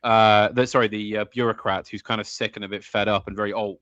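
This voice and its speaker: A man's voice: fairly low pitch, little pitch movement, fast talker, a bit bright, clear, resonant tone, dry recording, muffled recording. A man as a guest in a casual conversation, playful and teasing, often stammering into restarts. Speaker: podcast guest.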